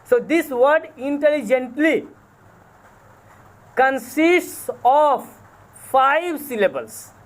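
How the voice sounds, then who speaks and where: Slow, high-voiced Indian English lecturer. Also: male voice, expressive. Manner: slow, spells words out letter by letter and repeats them, corrects himself. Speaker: college English teacher. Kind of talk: recorded lecture.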